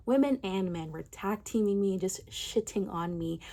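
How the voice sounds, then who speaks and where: A woman's voice: mid-range voice, normal speed, gravelly, mellow. Impassioned woman ranting to camera. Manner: emphatic, ranting, repeats phrases for effect. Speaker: commentary vlogger. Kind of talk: impassioned social commentary.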